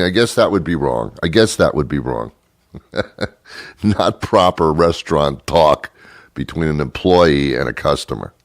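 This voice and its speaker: A man's voice: low-pitched, dry recording, studio quality. A man hosting a talk show in a sarcastic, rambling comedic monologue, mock-scolding and joking at his own expense. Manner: self-mocking asides. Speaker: radio talk show host.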